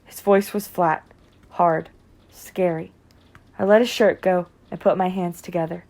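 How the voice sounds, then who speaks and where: A woman's voice: lowish voice, fairly even intonation, measured pace, darkish tone. A woman giving earnest, emotional first-person audiobook narration.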